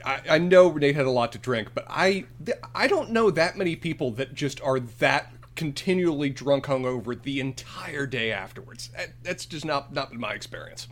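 Lively wry man recapping an episode. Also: medium pitch, moderate pace, hardly any pauses. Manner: wry, storytelling recap with playful asides. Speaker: podcast co-host. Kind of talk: casual chat, episode recap.

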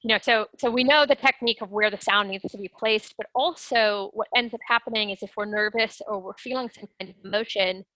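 A woman speaking as an interview guest, explaining things in an animated way and acting out her own inner voice. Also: medium pitch, a little fast, hardly any pauses, no room sound, rough recording. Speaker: guest, sales development rep. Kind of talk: conversational interview.

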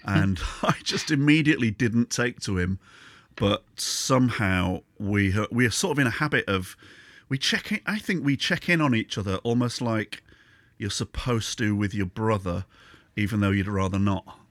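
A man's voice: fairly low pitch, moderate pace, a bit bright, no room sound. A British man hosting a podcast, chatting casually and trading sarcastic jokes with a friend. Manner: teasing, sarcastic banter with frequent laughs. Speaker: podcast host. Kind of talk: casual chat.

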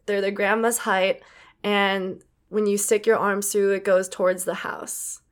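A young adult woman co-hosting a casual chat, telling a story with animated, acted-out quotes. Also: mid-range voice. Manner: animated, acts out quoted voices. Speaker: podcast co-host.

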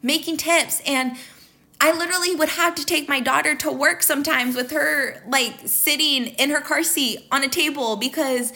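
A woman in her thirties hosts her own podcast in a candid, confessional monologue. Her voice is bright and sits a little high, and she keeps turning to her listeners as "you guys" while fighting back emotion. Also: normal speed. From American Midwest. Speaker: podcast host.

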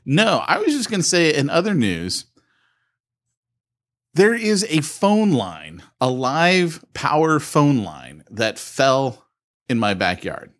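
Man, podcast co-host, casual chat, animated storyteller, studio mic. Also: fairly high pitch, takes it slowly. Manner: animated storyteller, acts out phone calls with laughs.

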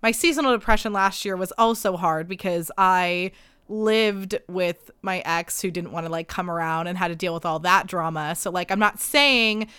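A woman in her late twenties hosting a podcast, talking in a chatty, self-deprecating way with lots of fillers and sudden jumps in pitch. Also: moderate pace, fairly bright tone, clean tone, no echo. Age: late 20s. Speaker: podcast host. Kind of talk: casual confessional chat.

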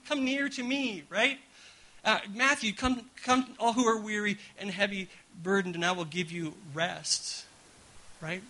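A man preaching at a church gathering with a bright, forward tone, sitting slightly high for a male voice. He is animated and conversational, often repeating words as he restarts. He keeps checking in with his listeners. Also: poor audio. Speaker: guest pastor. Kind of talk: sermon.

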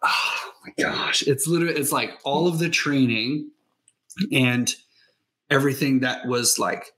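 A man co-hosting a casual book discussion, eager and quick to exclaim. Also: mid-range voice, sharp tone. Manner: enthusiastic, reacts with exclamations. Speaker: podcast co-host.

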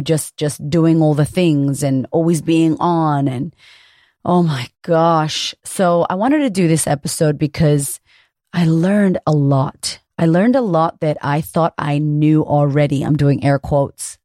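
A woman, a confidence coach hosting her own podcast, talking solo in a high-energy, chatty way and swearing casually. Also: a little slow, warm tone, no echo, studio quality.

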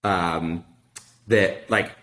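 A middle-aged man telling a story casually in an interview, animated and profane, acting out the dialogue. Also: low-pitched, extremely slow. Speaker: podcast guest, wine consultant.

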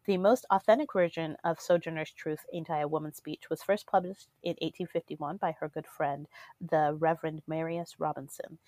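Woman co-host, lower voice, dry close mic, reads notes with lots of ums. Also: fairly even intonation, moderate pace, darkish tone, no echo. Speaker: podcast co-host. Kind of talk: casual chat with read-out history notes.

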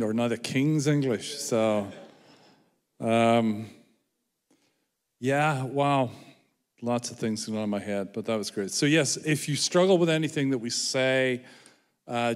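A man with an Irish accent preaching a sermon in a church, joking with the congregation about himself. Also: mid-range voice. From Ireland. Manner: self-deprecating, joking with congregation. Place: church hall. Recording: reverberant church hall.

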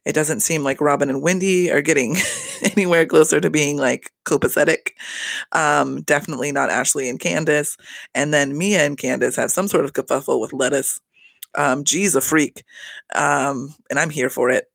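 Man, gravelly voice, dry close sound, gossipy and foul-mouthed, laughs often, acts out cast members. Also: a little high, fairly even intonation, moderate pace, a bit bright, dry recording. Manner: acts out the cast's lines in exaggerated voices. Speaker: reality TV recap vlogger. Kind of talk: casual episode recap.

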